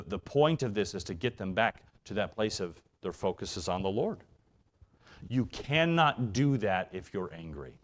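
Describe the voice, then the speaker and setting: An evangelist preacher with a low voice delivers a sermon in a church sanctuary. He speaks earnestly, sometimes dropping to a soft, hushed near-whisper before surging into quick, rising bursts of feeling.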